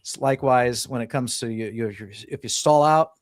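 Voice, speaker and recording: A man in casual podcast chat talks through his points in a loose, conversational way, using fillers as he goes. His voice sits at an ordinary pitch. The sound is close and dry. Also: normal speed, no echo. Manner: explaining in a relaxed, conversational way with fillers. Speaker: podcast co-host.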